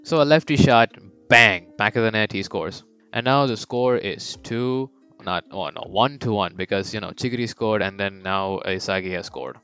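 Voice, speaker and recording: Casual young male storyteller, slightly low voice, loose and profane delivery, lo-fi mic with soft music underneath. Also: smooth, dry recording. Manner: rambling, swears, jumps into quick high character voices. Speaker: fan storyteller. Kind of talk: casual unscripted fan-story narration. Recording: dull lo-fi mic with faint background music.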